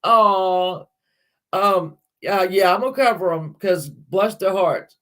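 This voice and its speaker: A woman's voice: medium pitch, takes it slowly. A middle-aged woman hosting a livestream, chatting casually with viewers in a rambling way, laughing often and swearing lightly. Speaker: livestream host.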